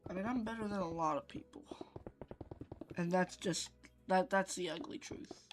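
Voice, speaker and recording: A woman's voice: lowish voice, normal speed, soft background music. A woman giving playful commentary while building in a block game, slipping into silly voices and whispers. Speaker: Minecraft builder.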